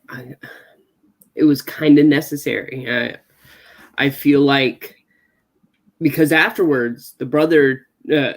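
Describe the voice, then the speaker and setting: A man's voice: mid-range voice, low-quality recording. Hesitant man stammering through opinions. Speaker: co-host reviewing a TV show. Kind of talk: casual chat.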